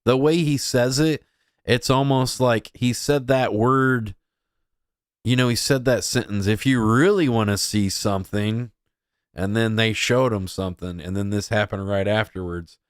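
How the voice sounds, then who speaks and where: A man's voice: mid-range voice, fairly even intonation, measured pace, clean tone, no room sound, studio quality. A young man hosting a podcast, giving rambling casual commentary full of filler words. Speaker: podcast host.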